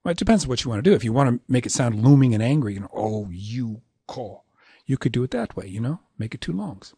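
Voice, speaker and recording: Man, middle-aged, lecturer, husky, dry close sound, recites verse, chants rhythms, casual asides. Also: medium pitch, racing, no echo. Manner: relaxed, conversational asides with fillers. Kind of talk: university lecture on poetic meter.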